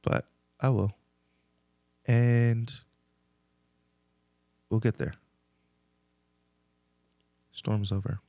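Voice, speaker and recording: A man's voice: fairly low pitch, level tone, drawn-out words, pauses often, mellow, no echo. A man hosting a podcast, talking in a rambling, candid casual monologue and swearing freely. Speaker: podcast host.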